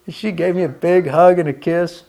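A man's voice: high-pitched, fairly even intonation, a little fast, vocal fry. Man preaching a folksy sermon. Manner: folksy storytelling, with a wide dynamic swing from loud to hushed.

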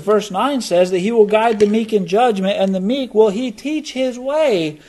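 A middle-aged man preaching a sermon, slow and deliberate, letting key words drop low for emphasis. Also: warm tone. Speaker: pastor.

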